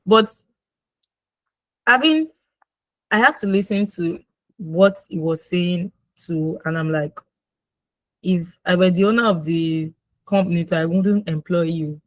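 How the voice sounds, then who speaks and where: A woman from Nigeria with a Nigerian English accent, giving casual mentoring advice in quick, animated speech and acting out quoted exchanges. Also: fairly low pitch, no room sound, low-quality recording. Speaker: guest mentor.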